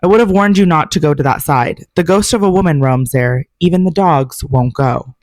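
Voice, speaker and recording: A woman's voice: sits low, normal speed, darkish tone, dry recording, lightly acted. Grave guest house owner, read by a woman. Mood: warning. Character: wary male guest house owner giving a warning.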